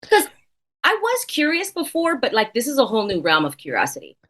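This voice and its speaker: A woman's voice: fairly high pitch, huge pitch swings, a little fast, a bit bright. Earnest woman guest, repeats for emphasis. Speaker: podcast guest. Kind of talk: casual interview conversation.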